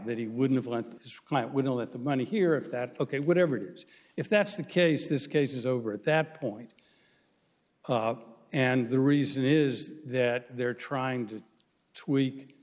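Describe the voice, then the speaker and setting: A man arguing a case as a lawyer before a court, measured and halting with frequent restarts. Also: medium pitch, darkish tone, long reverb tail. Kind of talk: courtroom oral argument.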